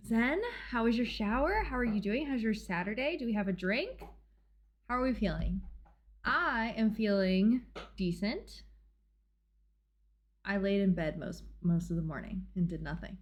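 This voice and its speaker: A woman livestreaming from her home, chatting casually with her viewers in a bubbly, talkative way and laughing often. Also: medium pitch. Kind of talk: casual chat with live viewers.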